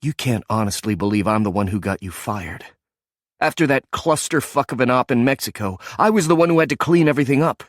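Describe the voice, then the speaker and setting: A man voicing a tough, sharp-tongued female ex-spy with a clipped, biting delivery. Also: medium pitch, expressive, fairly quick, no echo, clean studio sound, pitched above the performer's own voice, lightly acted. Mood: defiant.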